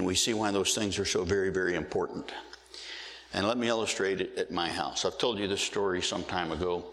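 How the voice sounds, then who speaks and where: A man's voice: lowish voice, a bit bright. Emphatic male pastor preaching in a reverberant hall. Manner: emphatic preaching with slow, drawn-out key words. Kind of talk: sermon.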